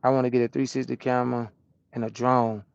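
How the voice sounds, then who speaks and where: Slangy trucker chatting on a live stream. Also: male voice, mid-range voice, flat delivery, quick pace, vocal fry, clean tone, no echo, muffled recording. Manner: loose slangy talk, answering chat out loud. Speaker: trucker streaming to his chat. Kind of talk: casual live-stream chat. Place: inside a truck cab. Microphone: small camera-mounted microphone.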